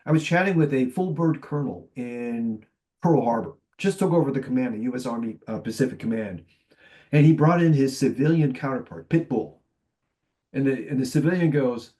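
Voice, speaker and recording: A man on a conference panel telling animated stories, acting out the voices of the people he quotes. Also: a little high, fairly quick. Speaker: panelist, tech executive.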